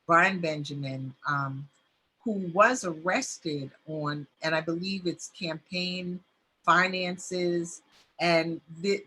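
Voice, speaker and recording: Female community news host, bright and slightly husky, conversational with lots of fillers. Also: on the low side.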